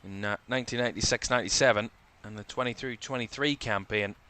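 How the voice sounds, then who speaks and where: A man's voice: fairly low pitch, steady tone, quick pace, bright, forceful tone, smooth. A man giving live football commentary for a watchalong stream, calling player names in short bursts and lifting his voice as attacks build, a little tired. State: tired, yawning.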